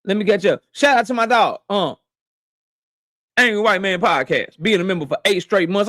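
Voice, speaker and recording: Guy with a high voice running a live stream, slangy shout-outs, aave, dry close mic. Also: animated, normal speed, no echo. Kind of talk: casual live stream chat.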